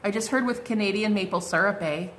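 A woman's voice: mid-range voice, fast talker, fairly bright tone, slight background noise. A woman giving a casual tarot card reading, chatty and bubbly, full of fillers and exclamations. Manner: chatty, bubbly, lots of "like" and "oh my God".

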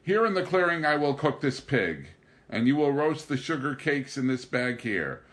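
A man's voice: big pitch swings, moderate pace. A man voicing an exuberant, scheming young male drifter in a theatrical, raised voice. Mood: coaxing. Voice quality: theatrical, high and loud.

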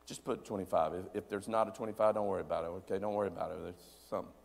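A man preaching a sermon as pastor, calling on the congregation to answer back and swinging between loud bursts and hushed, near-whispered asides. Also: deep voice, steady tone, racing, vocal fry. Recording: long hall reverb.

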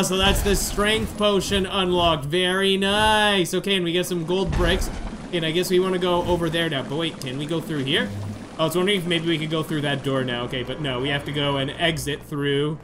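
Let's-play host, male, high bright voice, excitable and chatty, game music faint underneath. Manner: chatty, excitable, narrating his own moves. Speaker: gamer doing a playthrough. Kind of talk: casual let's-play commentary.

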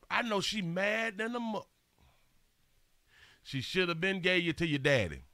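A man's voice: a little high, sing-song, moderate pace, pushed and bright, dry recording. A man hosting a commentary show, reacting to a news clip with mocking, slangy talk and swearing.

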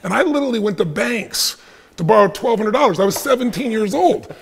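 Man, 50s, high gravelly voice; rapid animated storyteller at a live training. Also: slight background noise. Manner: intense and hyped, laughing through his own story. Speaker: guest speaker at a live online training.

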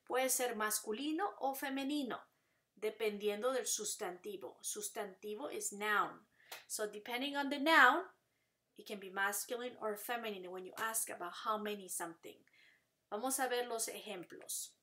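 Bright-voiced woman teaching Spanish. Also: medium pitch. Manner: slow deliberate counting, patient explaining. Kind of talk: language lesson.

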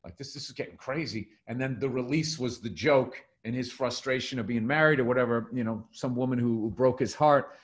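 A middle-aged man co-hosting a loose podcast chat. He tells stories with a lot of swearing, drops into little voices for quoted lines, and keeps a steady, middling pitch. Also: a little fast, hardly any pauses. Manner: animated storytelling, swearing, acts out quotes. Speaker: podcast co-host, comedian.

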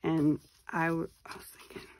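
This papercraft channel host, a Wisconsin woman in her forties, keeps up chatty talk and mutters to herself while demonstrating a craft tutorial. Her low voice moves little in pitch, with a moderate pace and a slightly mellow quality, over a faint hiss or hum.

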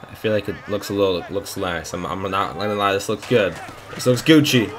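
A young man giving live, excitable commentary on his own football video game, swearing and shouting at the plays. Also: deep voice, brisk, a little hiss or hum. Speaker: gaming YouTuber.

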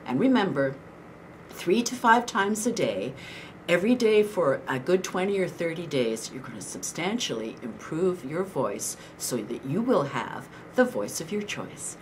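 A woman voice coach speaking in an animated, encouraging way as she walks the listener through her tips. Her pitch sits in the middle but moves a lot, swinging up and down through her sentences. A faint hum of noise sits behind her voice. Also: measured pace. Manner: animated and encouraging, with instructional asides. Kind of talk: instructional tips to camera.

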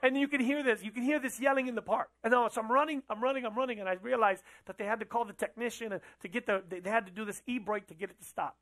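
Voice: mid-range voice, quick pace, hardly any pauses, a bit bright. A pastor preaching a sermon in a church, talking conversationally, asking the audience questions and repeating phrases for emphasis.

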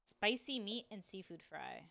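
A young woman streaming a video game, chatting casually with viewers, excitable and playful, swearing freely and using slang. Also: mid-range voice, a little slow, gravelly, dry recording. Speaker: livestreamer. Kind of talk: casual gameplay chat with viewers.

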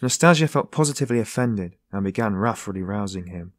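A man reading a classic novel aloud in a measured, even narration. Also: fairly low pitch, no echo, clean studio sound. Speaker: audiobook narrator. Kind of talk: scripted narration.

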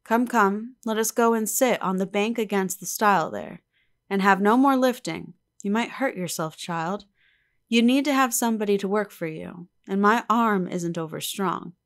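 A woman voicing a gentle, tender old village weaver who speaks slowly in a rustic way. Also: medium pitch, lightly acted. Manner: slow, soft and rustic.

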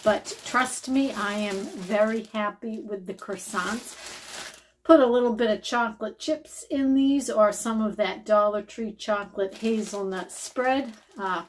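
A woman's voice: medium pitch, slight background noise, low-quality recording. A woman vlogger chatting casually while showing off a shopping haul. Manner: chatty, slow and deliberate when showing items.

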